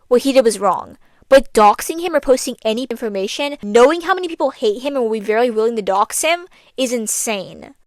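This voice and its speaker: High-voiced exasperated young woman, dry close mic. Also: no echo. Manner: exasperated, blunt, sarcastic. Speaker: commentary youtuber. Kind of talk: scripted commentary voice-over.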